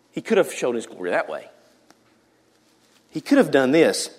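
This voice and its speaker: A man preaching a sermon as pastor, animated, acting out dialogue and reading scripture aloud. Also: medium pitch, normal speed, pauses often, slightly rough. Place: church sanctuary. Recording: long reverb of a church hall.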